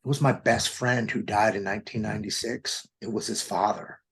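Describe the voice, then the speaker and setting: A man in his forties from Maryland recounts his testimony to an interviewer. His voice sits on the low side and has a husky edge. He tells the story earnestly and with feeling, often quoting his own past thoughts aloud. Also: fairly even intonation, brisk, a bit bright. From Maryland, United States. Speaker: guest telling his testimony.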